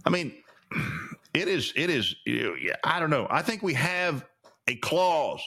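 A man's voice: fairly high pitch, sing-song, a little slow, pushed and bright, slightly rough. A man hosting a solo podcast, ranting indignantly about the news with lots of stammered restarts. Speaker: podcast host. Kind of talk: opinionated solo commentary.

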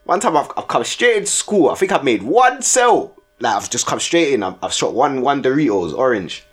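A man's voice: mid-range voice, very animated, normal speed, slightly rough, soft background music. A young man, co-hosting a casual podcast and telling stories in heavy slang, often laughing. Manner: slangy, laughs often, tags lines with "innit". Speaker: podcast co-host. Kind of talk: casual chat, storytelling.

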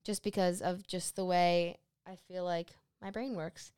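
Woman, podcast co-host, lowish voice, bubbly chatty banter, dry close sound. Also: little pitch movement, a little mellow, clear, resonant tone, dry recording. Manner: bubbly, chatty, quick to joke. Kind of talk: casual podcast chat.

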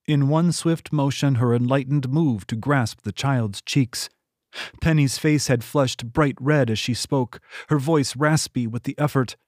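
A man reading his own novel aloud in steady audiobook narration. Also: mid-range voice, a little slow, dry recording, clean studio sound. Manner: steady, even storytelling.

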